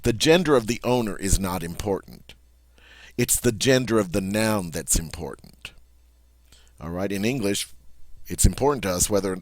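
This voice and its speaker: A man teaching French grammar in a patient way, often repeating words slowly and checking in with "all right?". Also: on the low side, no echo. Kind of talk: classroom grammar lesson.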